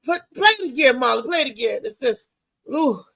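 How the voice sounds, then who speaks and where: A high-voiced woman hosts a live talk show. Her tone is gravelly and sharp. She comes across animated and excitable as she talks to her listeners and tells her stories. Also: brisk, faint music behind. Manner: animated, loud and excitable, telling family stories. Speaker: host. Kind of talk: casual live-show monologue.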